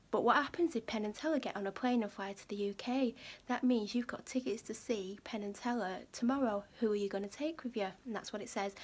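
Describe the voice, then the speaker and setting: A young woman chatting to camera in a rambling vlog, full of fillers and retold conversations. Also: mid-range voice. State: out of breath. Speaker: vlogger. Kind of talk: casual vlog chat to camera.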